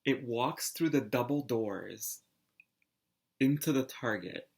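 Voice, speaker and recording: Male storyteller, casual and rambling, animated delivery, average pitch. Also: takes it slowly, gravelly, slightly rough. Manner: rambling, animated, heavy use of "like" and restarts. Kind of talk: casual anecdote telling.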